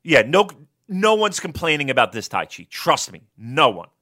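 Excitable, profane man with a bright voice. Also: a little high, moderate pace. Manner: profane, excitable, builds to shouting rants. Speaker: wrestling podcast co-host. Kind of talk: casual review chat.

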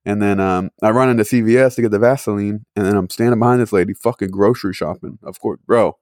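A young man hosting a podcast, telling a story in casual, profanity-heavy chat with animated rants. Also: lowish voice, quick pace, hardly any pauses, no echo, clean studio sound. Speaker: podcast host.

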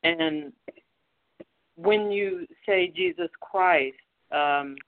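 A woman's voice: on the low side, extremely slow. A woman hosting a Christian radio interview, affirming her guest with frequent amens and praise. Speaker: radio host. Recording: thin, phone-like line.

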